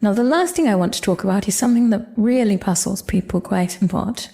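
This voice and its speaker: Woman, online language teacher, dark gravelly tone, patient explainer. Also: medium pitch, animated. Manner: clear, measured explaining with examples. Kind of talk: explanatory lesson.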